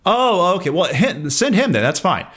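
A man co-hosting a podcast in casual, animated chat, laughing often. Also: moderate pace, slightly rough. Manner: animated, laughs often, rises in pitch when excited. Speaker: podcast co-host.

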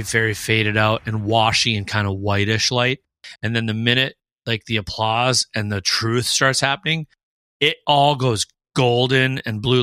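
Rambling Midwestern podcast host. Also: male voice, medium pitch, pushed and bright, dry recording, clean studio sound. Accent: Midwestern American. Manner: rambling, thinks aloud with restarts. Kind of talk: casual chat.

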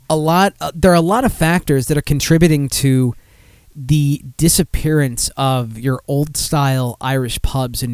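A man's voice: on the high side, no echo. A man hosting a podcast, chatting casually and reading news in a profane, rambling, self-mocking way. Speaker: podcast host.

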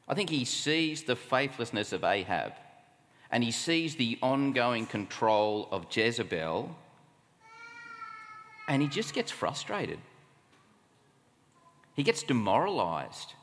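A man's voice: mid-range voice, a bit bright. A man with an Australian accent preaching a sermon at a camp, conversational and full of rhetorical questions. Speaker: camp speaker. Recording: long hall reverb.

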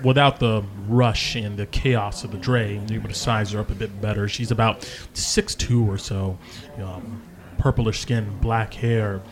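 A man's voice: on the low side, fairly even intonation, unhurried, background noise. A man narrating as game master, casual and full of fillers. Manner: casual, many ums and hedges.

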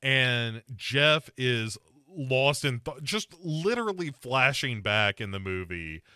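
A man's voice: mid-range voice, very animated, slow pace, sharp tone, clean tone, dry recording. A man hosting a podcast, casually recapping a movie with wry mock quotes. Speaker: podcast host. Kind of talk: casual movie review chat.

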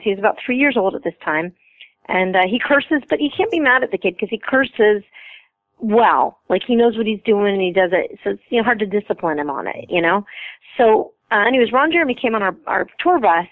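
A woman comedian telling anecdotes as a guest, lively and quick to laugh. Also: mid-range voice, no room sound, phone-quality sound. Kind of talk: casual storytelling interview.

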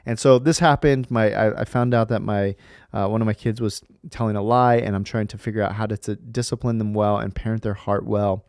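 A man's voice: lowish voice, steady tone, fairly quick, a little mellow, dry recording, clean studio sound. A man in his thirties hosting a faith podcast, talking earnestly and rambling with fillers and restarts. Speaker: podcast host. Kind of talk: casual faith podcast talk.

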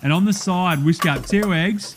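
A man's voice: high-pitched, normal speed, a little hiss or hum, lightly acted. A man doing a boisterous Australian bloke hosting a cooking show, with a broad Australian accent and rowdy, slang-heavy banter in a comedy sketch.

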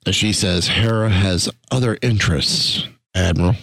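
A man with a fairly low voice talks through a show recap in a loose, stop-and-start way. He trips over names and restarts words often. The sound is dry and close. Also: creaky, a bit bright, no echo. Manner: halting, restarts words, fillers. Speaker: podcast host recapping an episode. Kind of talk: casual chat and episode recap.

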